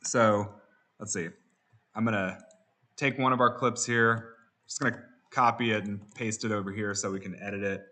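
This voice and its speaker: A man walks through a music production lesson in a relaxed, unscripted way, often stopping on fillers and restarting phrases. His voice sits somewhat low and carries a bright, forward tone. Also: moderate pace. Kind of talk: software tutorial.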